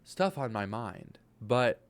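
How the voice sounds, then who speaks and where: Animated young man ranting. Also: lowish voice, slow pace. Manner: animated, swearing, swings into loud exclaiming. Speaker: vlogger. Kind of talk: casual motivational rant.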